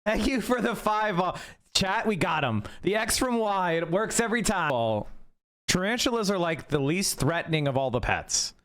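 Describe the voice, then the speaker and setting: A male live streamer in casual chat, arguing his points quickly and talking straight to his viewers, his voice going hoarse. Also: sits high, lively intonation, fairly bright tone. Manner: fast, argumentative, talks straight to chat. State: losing his voice.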